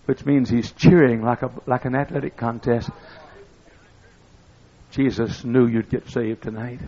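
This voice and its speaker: Folksy older preacher with a gravelly voice. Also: male voice, mid-range voice, measured pace. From East Texas. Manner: folksy storytelling that builds to excited shouting. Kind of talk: sermon. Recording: dull lo-fi recording.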